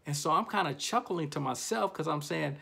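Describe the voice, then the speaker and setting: Gravelly, husky man telling stories. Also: expressive, a little fast. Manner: storytelling with big swings in pitch and loudness. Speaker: self-help author and host. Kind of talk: casual motivational talk to camera.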